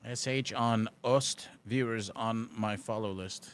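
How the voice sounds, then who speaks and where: A man's voice: lowish voice, steady tone, slow. A man streaming a game live, chatting casually and answering his chat with dry, sarcastic banter. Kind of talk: casual gaming commentary.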